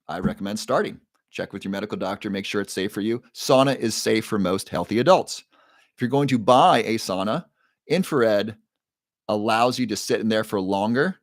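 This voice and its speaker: A man's voice: on the low side, no room sound, clean studio sound. A man hosting a casual livestream, telling a story in a chatty way and repeating key phrases. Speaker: livestream host.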